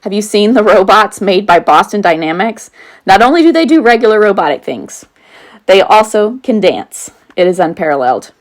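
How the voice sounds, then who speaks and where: A woman's voice: medium pitch, big pitch swings, normal speed. A woman in her forties, a teacher reading her own book aloud in an earnest tone, with occasional off-script asides. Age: 40s. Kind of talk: self-read audiobook narration.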